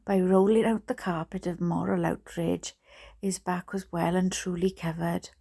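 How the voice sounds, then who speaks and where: A Welsh woman reads a bedtime story aloud in a lowish, gravelly voice. Her tone is mellow and dark, and she keeps breaking off for chatty asides, laughing at her own slips. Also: little pitch movement, normal speed. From Wales. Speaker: storybook reader. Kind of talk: reading a book aloud at bedtime.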